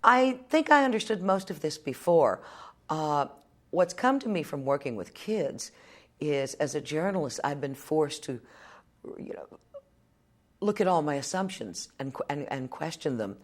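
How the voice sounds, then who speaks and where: A woman's voice: deep voice, animated, a little slow. A woman in her fifties from Texas, a television journalist answering interview questions as a plainspoken, wry storyteller.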